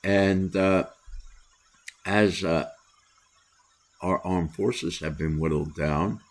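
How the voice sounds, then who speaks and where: An older American man hosting a solo commentary, talking in a deliberate, opinionated way with many "uh" pauses. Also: low voice, steady tone. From United States. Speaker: commentary host.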